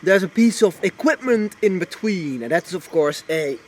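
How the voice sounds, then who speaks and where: Chatty high-voiced man explaining filming gear. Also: expressive, normal speed, slightly rough. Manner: chatty, repeats himself, restarts phrases. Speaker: wildlife filmmaker vlogger. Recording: faint background noise.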